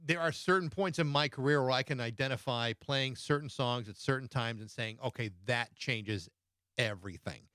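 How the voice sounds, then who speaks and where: A man's voice: medium pitch, steady tone, a little fast, hardly any pauses, fairly bright tone, clean tone, dry recording, clean studio sound. A middle-aged man, a podcast host and former radio DJ, reminiscing with enthusiasm in conversation. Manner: reflective, enthusiastic reminiscing, restarts. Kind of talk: conversational interview.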